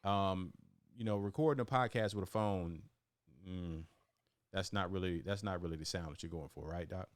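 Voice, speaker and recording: A man's voice: deep voice, moderate pace, no room sound, studio quality. A man hosting a casual video-call interview, chatty, often repeating and restarting his words. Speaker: host.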